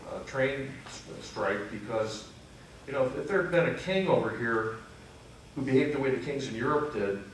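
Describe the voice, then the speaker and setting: A man with a low voice gives an unscripted history talk to a room of listeners, often stopping on "uh" and fixing his own slips. He is miked from a distance, so his voice rings around a very echoey hall with faint ambient noise. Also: a bit bright. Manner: unscripted, frequent "uh" fillers and self-corrections; asks the audience questions. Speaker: lecturer at a freethought congregation. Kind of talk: conversational history lecture. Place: meeting hall with an audience.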